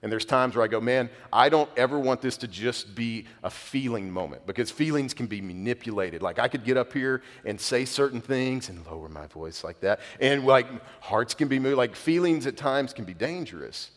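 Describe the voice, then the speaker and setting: A man's voice: mid-range voice, expressive, normal speed, few pauses. A man preaching a sermon as a pastor, earnest and conversational, dropping casual fillers as he speaks to his church. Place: church sanctuary. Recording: long reverb of a large hall.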